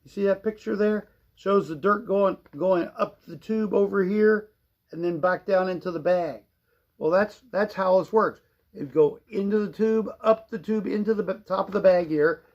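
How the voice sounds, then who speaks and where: A man's voice: sits high, moderate pace. A middle-aged man, a shop owner, giving a folksy, rambling product demonstration on a live stream. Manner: folksy, rambling explanations with fillers. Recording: dull lo-fi livestream audio.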